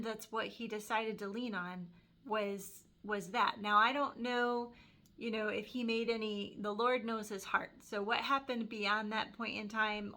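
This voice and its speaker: A woman giving an earnest, reflective faith testimony, pausing often with fillers as she speaks. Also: mid-range voice, pushed and bright. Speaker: Christian vlogger sharing a testimony. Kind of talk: personal faith testimony and scripture reading.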